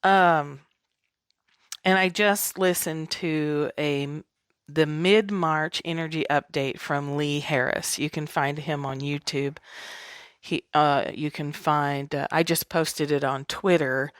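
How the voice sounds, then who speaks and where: A woman's voice: sits low, steady tone, slow pace, smooth, dry recording, clean studio sound. A woman from the American South hosting her podcast, talking in a chatty, candid, self-deprecating way. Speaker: podcast host. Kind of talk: casual spiritual monologue.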